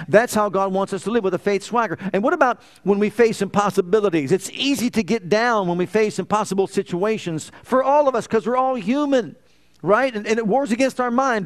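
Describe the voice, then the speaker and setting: A man with a notably high voice delivers a sermon as a preacher. He moves between quiet, low retellings and fervent, rising proclamations. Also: brisk. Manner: rising to fervent emphatic declarations, dropping to soft hushed lines.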